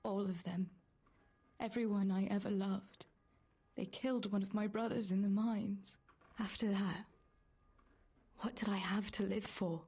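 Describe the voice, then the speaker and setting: A gentle, grieving village girl. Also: medium pitch, steady tone, a little slow, long pauses, husky. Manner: gentle and soothing, often hushed. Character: young village woman, caring, grieving, practical. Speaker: video game character. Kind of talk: game voice acting.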